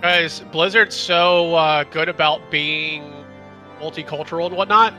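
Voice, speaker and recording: Man in his 20s, sharp bright voice, dry jokes, loose gamer banter. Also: a little high, steady tone, measured pace, faint music behind. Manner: wry, joking, rambling with fillers. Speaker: gamer streaming with a friend. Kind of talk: casual gaming chat.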